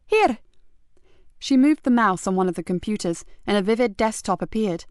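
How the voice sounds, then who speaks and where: A woman narrating a crime novel audiobook in a steady, even read. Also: mid-range voice, brisk, smooth, no room sound, studio quality. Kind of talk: scripted narration.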